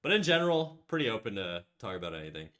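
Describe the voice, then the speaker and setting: This livestream host draws as he talks fast in a fairly low, sing-song, slightly bright voice. His casual stream is full of rambling, restarts, frequent "like"s, and free swearing, and he reads out and responds to chat messages.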